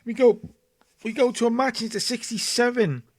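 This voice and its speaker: Let's-play host, chatty narrator; high voice, dry close recording. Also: male voice, normal speed, dry recording. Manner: chatty, narrates and acts out scenes. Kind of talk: casual game commentary.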